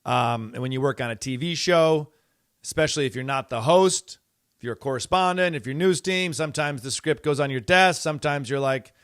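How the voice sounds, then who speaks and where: A man's voice: medium pitch, a little fast, fairly bright tone, smooth, dry recording, clean studio sound. A middle-aged man hosting a podcast, talking in a rambling, exasperated way with many fillers and restarts. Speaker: podcast host. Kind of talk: casual monologue.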